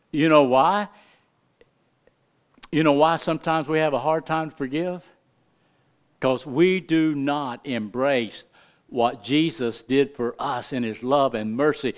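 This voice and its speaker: Middle-aged guy preaching a sermon, smooth clear voice, gets fired up then goes real quiet. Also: mid-range voice, takes it slowly, pauses often. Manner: impassioned preaching that swings from loud emphasis to hushed tones. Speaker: pastor.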